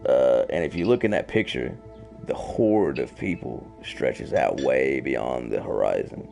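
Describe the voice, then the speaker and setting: A man with a deep, gravelly voice talks slowly through a comic-book plot for his podcast. His delivery is loose and relaxed, full of fillers and a few curses. Soft music plays faintly underneath. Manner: laid-back retelling with fillers and profanity. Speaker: podcast host. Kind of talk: casual comic-book storytelling.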